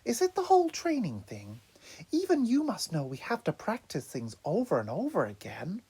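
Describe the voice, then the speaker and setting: A man doing a chirpy high teen turtle. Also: huge pitch swings, normal speed, breathy edge, heavily acted. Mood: caring. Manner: chirpy and earnest, high bright voice. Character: cheerful caring teen male mutant turtle.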